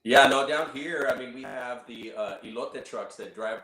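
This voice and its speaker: A man, a guest giving relaxed, brief replies in casual chat. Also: medium pitch, normal speed, low-quality recording. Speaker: guest musician.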